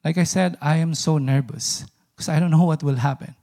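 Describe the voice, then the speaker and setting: A man's voice: fairly high pitch, brisk, warm tone. A man in his forties from the Philippines preaching a sermon in an earnest, chatty way, often laughing and restarting his sentences. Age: 40s.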